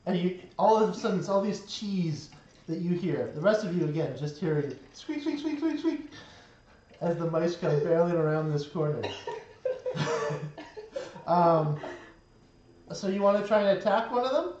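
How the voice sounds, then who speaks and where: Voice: medium pitch, moderate pace, long pauses, a little mellow. A game master narrating a tabletop game, laughing often and hesitating over fillers. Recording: roomy, distant, dull recording.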